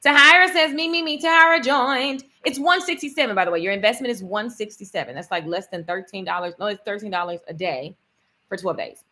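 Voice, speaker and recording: A woman business coach talking to viewers on a live stream, chatty and energetic, addressing them directly. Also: mid-range voice, fairly quick.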